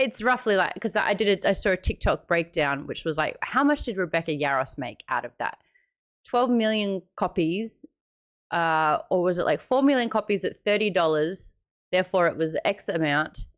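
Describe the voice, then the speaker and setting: An Australian woman in her late twenties hosts a casual book club livestream, and her pitch swings widely as she talks. She is chatty and animated, breaking into quick asides and high squeals while she reads viewer comments aloud. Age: late 20s.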